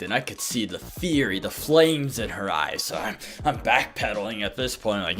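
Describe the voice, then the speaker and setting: Animated young man telling a story. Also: brisk, faint music behind. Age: 20s. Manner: animated, dips low and jumps high, laughs between bits. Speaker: vlogger. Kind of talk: casual storytelling.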